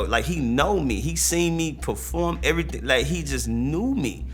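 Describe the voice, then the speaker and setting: Animated slangy man storytelling. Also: on the high side, unhurried, a little hiss or hum. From St. Louis, USA. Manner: animated, slangy, acts out dialogue. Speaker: rapper interviewee. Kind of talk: storytelling interview.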